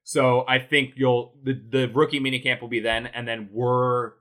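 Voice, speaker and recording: A man's voice: medium pitch, flat delivery, moderate pace, a bit bright. A young man telling a rambling story in casual podcast chat as a sports reporter, full of fillers and restarts. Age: young adult.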